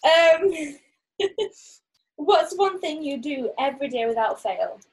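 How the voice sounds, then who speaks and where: A woman's voice: sits high, animated, slow pace, poor audio. A woman chatting casually, asking questions and giggling often. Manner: giggly, asks questions lightly. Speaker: podcast co-host asking questions. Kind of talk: casual chat.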